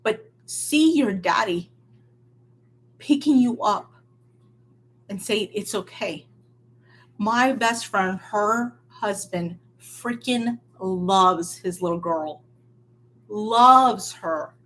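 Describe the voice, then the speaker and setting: A woman delivers a heartfelt sermon at an unhurried pace, her voice soft and a little breathy. She leans hard on key words, then drops to an almost hushed tone. Her pitch sits in an ordinary middle range. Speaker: preacher.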